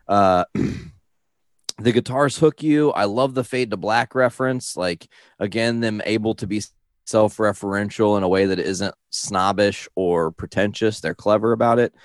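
Male co-host, low voice, eager opinions, dry close mic. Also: measured pace, no echo. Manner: enthusiastic, opinionated. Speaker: podcast co-host. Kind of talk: casual chat.

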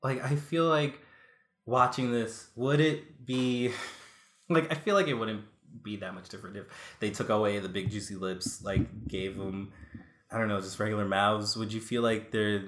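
A man's voice: lowish voice, steady tone, normal speed, a bit bright, reverberant. A man co-hosting a casual chat about old cartoons, rambling with many fillers and restarts. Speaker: podcast co-host.

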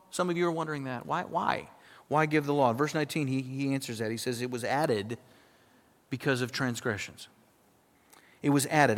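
A man preaching a sermon as pastor, emphatic, swinging from loud to hushed and acting out quoted voices. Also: a little high, in a large hall.

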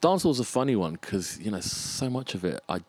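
A low-pitched man talks as a guest in a casual conversation. He is reflective and thinks out loud, restarting phrases and warming to his subject. The sound is dry and close, with little room around it. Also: a little fast, no room sound. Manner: reflective, restarts and lists ideas, animated about music. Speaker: podcast guest, freelance arts producer.

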